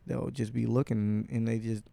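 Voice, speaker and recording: A man's voice: medium pitch, normal speed, creaky. A man hosting a casual podcast, telling stories with lots of swearing and acted-out quotes. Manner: profane, animated storytelling with put-on quotes. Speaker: podcast host.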